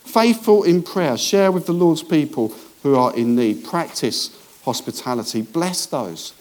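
A man preaching a sermon as pastor, swinging between hushed asides and rising emphasis, with jokey remarks to the congregation. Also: a little high, animated, a little slow.

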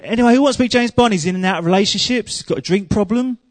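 A man preaching a sermon, telling humorous stories and growing loud and emphatic. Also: sits high, very fast, no echo.

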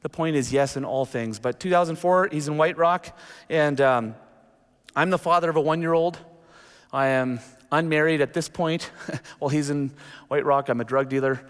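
Animated pastor preaching in a reverberant hall. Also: male voice, a little high, normal speed, smooth. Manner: animated storytelling, jumps into acted quotes. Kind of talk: sermon. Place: church sanctuary. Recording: long reverb of a large hall.

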